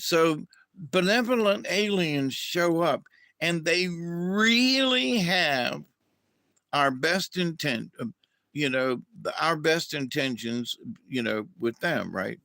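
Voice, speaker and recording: Slow rambling man on a livestream. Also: a little high, a bit bright, no echo. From southern United States. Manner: drawn-out, rambling, with restarts and acted-out quotes. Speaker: livestream host. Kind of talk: rambling casual livestream chat.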